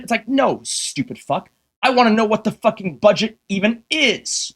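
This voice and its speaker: A man's voice: high-pitched, animated, a little slow, fairly bright tone. A man ranting to his livestream viewers, swearing heavily and firing rhetorical questions at them in an exasperated, combative way. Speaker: streamer.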